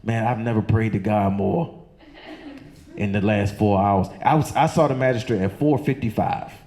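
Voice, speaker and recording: On a comedy club stage, a man spins profane, loose stand-up stories at a moderate pace and in a dark tone, switching to high, squeaky voices for his characters. He comes from Chesterfield County, Virginia.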